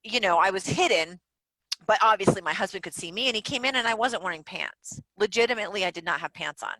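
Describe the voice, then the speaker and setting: A woman guest on a podcast, telling stories in a candid, animated way and swearing freely. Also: mid-range voice, fast, dry recording, rough recording. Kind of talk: casual interview chat. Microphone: home recording setup.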